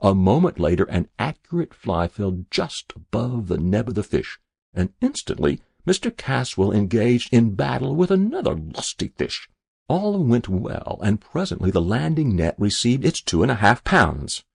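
A man reading a story aloud in a measured, expressive storytelling manner. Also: lowish voice, creaky, slightly rough, no room sound, clean studio sound. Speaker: narrator.

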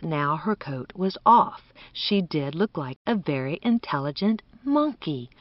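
A woman narrating a literary audiobook in an expressive, measured reading. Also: on the low side, no echo. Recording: dull, dry studio recording.

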